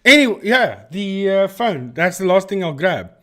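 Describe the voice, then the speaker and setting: A man's voice: sits high, big pitch swings, normal speed, sharp tone. A man from Africa, hosting a casual live stream and telling long, meandering stories with frequent restarts. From South Africa. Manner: rambling, digressive storyteller who often restarts sentences.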